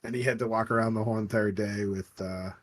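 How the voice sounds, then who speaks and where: A man's voice: fairly low pitch, steady tone, fast talker, a little hiss or hum. A man co-hosting a podcast, telling funny stories and acting out the voices of people in them. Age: adult with a wife. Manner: joking storyteller, acts out voices in anecdotes. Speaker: podcast co-host. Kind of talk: casual chat.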